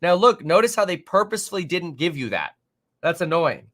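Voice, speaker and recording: Animated, exasperated man on a livestream. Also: fairly high pitch, brisk. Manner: animated, exasperated, rambling with many fillers. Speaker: market livestream host. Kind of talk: live market commentary, reading viewer comments.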